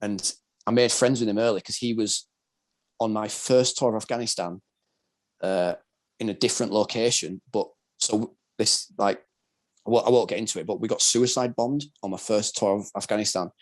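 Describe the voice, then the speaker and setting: Man, from Britain, fairly low voice, casual, rambling, candid, guest storyteller. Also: fairly even intonation, normal speed. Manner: candid, rambling, lots of filler "like". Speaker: guest, former soldier and wheelchair rugby player.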